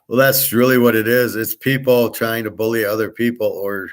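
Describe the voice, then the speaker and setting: A man's voice: lowish voice, little pitch movement, normal speed. A middle-aged man hosting a show, talking bluntly and with swagger, swearing freely and answering viewers in a casual monologue. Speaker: show host.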